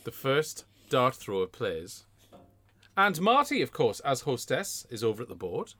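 A man's voice: medium pitch, huge pitch swings, measured pace, pushed and bright. A man co-hosting a casual comedy chat, telling the story with mock outrage and lots of swearing. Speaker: podcast co-host. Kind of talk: casual comedic chat reviewing an old TV show.

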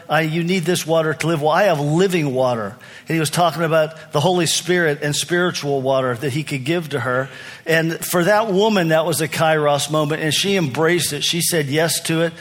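A man with a slightly high voice preaching a sermon. He talks earnestly and conversationally, often restarting a phrase as he works through his point. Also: fairly bright tone. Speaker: pastor.

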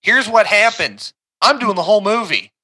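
A man's voice: high-pitched, expressive, pushed and bright. A man co-hosting a comedy podcast, rambling and swearing as he races through a story. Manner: rambling, profane, rushes through a recap. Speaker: podcast co-host. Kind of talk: casual comedic banter.

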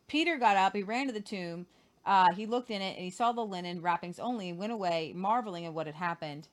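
A woman reads scripture aloud in an earnest, unpolished way. She now and then trips over and repeats a word, and she breaks off for casual remarks of her own. Her pitch sits in the middle range for a woman. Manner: earnest, stumbles and repeats words while reading. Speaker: co-host of a Christian show.

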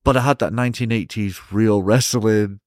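A man with an English accent, a professional wrestler telling stories in a casual interview, animated and chuckling often. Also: lowish voice, moderate pace, dry recording, studio quality. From England.

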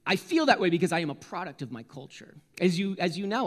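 Lively, bright-voiced young man preaching. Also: high-pitched, quick pace. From Connecticut, US East Coast. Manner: animated, self-mocking, with many restarts and laughs. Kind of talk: sermon.

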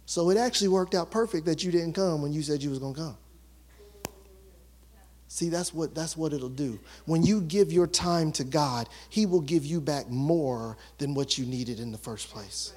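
A man preaching a sermon as pastor, emotional and building to excited shouts. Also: a little high, moderate pace.

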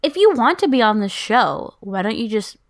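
A woman's voice: on the high side, big pitch swings, normal speed. Candid, self-deprecating woman co-host. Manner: candid, self-deprecating, quotes herself in asides. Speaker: podcast co-host. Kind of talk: casual chat.

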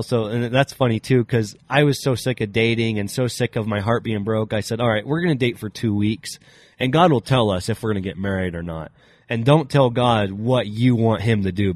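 A man's voice: medium pitch, darkish tone. A young adult man sharing a personal faith story as a podcast guest, earnest and rambling with many fillers. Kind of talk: casual personal testimony.

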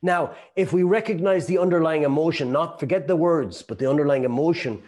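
A man's voice: fairly high pitch, a little fast, darkish tone. A man in middle age runs a sales training session. He talks in a chatty, storytelling way, laughs along as he goes, and slips into little acted voices for the people he quotes. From Ireland. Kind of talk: lecture to a live group.

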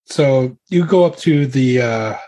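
Husky rambling male game master. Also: mid-range voice, takes it slowly, dark tone. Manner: loose and rambling, full of likes and ums. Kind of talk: narrating a tabletop game.

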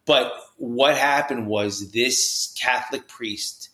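A man from New Jersey, a podcast guest, telling a personal story with high energy and acting out the voices he quotes. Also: normal speed, hardly any pauses, sharp tone, roomy sound.

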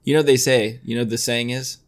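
A man's voice: mid-range voice, steady tone, fairly quick. A man co-hosting a podcast in casual chat, rambling and slipping into silly made-up voices. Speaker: podcast co-host.

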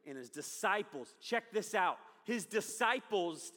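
A man in his thirties preaching a sermon with lots of energy, swinging from loud to hushed. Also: high voice, expressive, unhurried, big-room sound. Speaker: pastor.

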